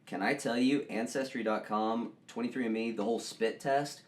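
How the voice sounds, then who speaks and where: A man hosting a podcast, chatting casually and joking, with sudden loud bursts of laughter and excitement. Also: medium pitch, normal speed. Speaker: podcast host. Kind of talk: casual chat.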